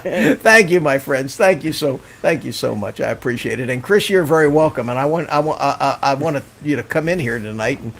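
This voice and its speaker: Older man, live-stream host, casual rambling chat, gravelly voice, husky edge. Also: medium pitch, animated, brisk, a bit bright. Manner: rambling, chatty, laughs often, reads out viewer comments.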